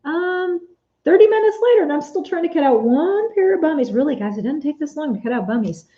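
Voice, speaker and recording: A woman with a high, expressive voice speaks briskly in a muffled recording. She runs an Etsy shop and chats casually on a live stream while sewing at home, answering viewers' comments by name.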